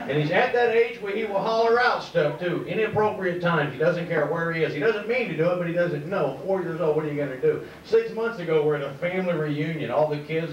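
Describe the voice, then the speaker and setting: A man performing a stand-up comedy set as a loud, laughing storyteller, on stage in a comedy club. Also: a little high, a little hiss or hum. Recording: echoey, dull club recording from a distance.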